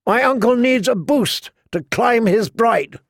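A man's voice: very high voice, animated, a little slow, no room sound, studio quality, voice pushed up, heavily acted. A man voicing a cruel, mocking teenage boy king who barks commands in an audiobook reading. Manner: commanding, jeering.

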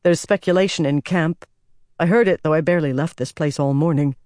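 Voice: mid-range voice, a little fast, a little mellow, dry recording, studio quality, natural voice. A narrator voicing a young prince who speaks in a stubborn, insistent and earnest way.

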